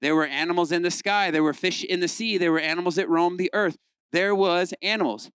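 Smooth-voiced pastor preaching. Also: male voice, high-pitched, steady tone, brisk, a bit bright, dry recording. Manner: conversational, builds repeated lists. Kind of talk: sermon.

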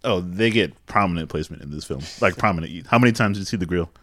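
A man's voice: deep voice, fast talker, fairly bright tone, no room sound. A man co-hosting a casual chat, dropping dry, wry asides and obscure pop culture references. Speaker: podcast co-host. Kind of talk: casual movie recap chat.

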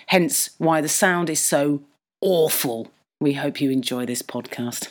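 A woman with a cold and a husky voice, co-hosting a casual comedy podcast in a jokey, self-mocking way. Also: deep voice, unhurried. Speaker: podcast co-host. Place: conservatory of a house. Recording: echoey room, heavy hiss.

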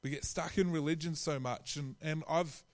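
Male preacher, slightly high voice, casual sermon delivery. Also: fairly even intonation, moderate pace. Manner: conversational, with frequent restarts and acted-out quotes.

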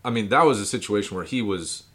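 A man who is a guest poet on a podcast, speaking in a halting, casual way and swearing freely. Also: lowish voice, expressive, a bit bright. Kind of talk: casual conversation.

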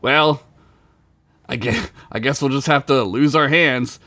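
A man's voice: medium pitch, unhurried, sharp tone, dry recording. A man voicing a sardonic older male rogue with a dry, teasing manner. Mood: wry.

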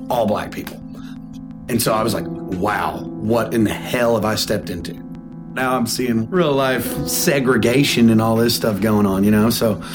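A young man, telling his own story in a casual, plainspoken way full of fillers. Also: fairly low pitch. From East Texas. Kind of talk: personal story told to a radio show. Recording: music playing under the voice.

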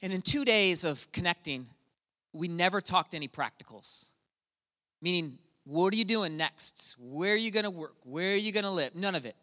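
Preacher, male, middle-aged, bright and fairly high voice, storytelling sermon with long hall reverb. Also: animated, moderate pace. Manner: storytelling, swings from quiet to shouting. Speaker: pastor. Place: church hall.

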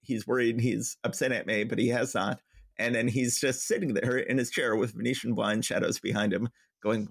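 A man's voice: mid-range voice, steady tone, normal speed, gravelly, husky, no echo, studio quality. A man co-hosting a podcast, casually recapping comic book plots and reading quoted dialogue in a light voice. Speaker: podcast co-host.

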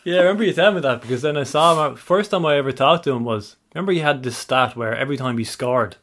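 A man co-hosting a casual football podcast, easygoing and quick to laugh. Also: medium pitch, fairly bright tone. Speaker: podcast co-host. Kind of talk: casual chat about football.

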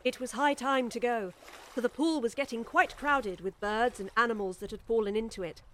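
A woman narrating a classic children's storybook in a gentle, expressive reading voice. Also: on the high side, normal speed, a little hiss or hum.

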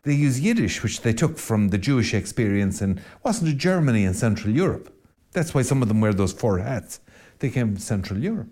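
A priest with an Irish accent, hosting a solo podcast, talking in a rambling, self-mocking way that swings between loud emphasis and low asides. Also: male voice, sing-song, fairly quick. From Ireland.

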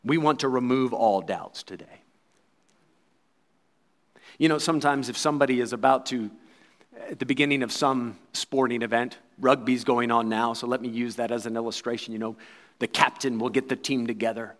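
A man preaching a sermon, quoting scripture and acting out voices, swinging between loud bursts and quiet asides. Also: mid-range voice, fairly even intonation, moderate pace. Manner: acts out quoted voices and crowd replies.

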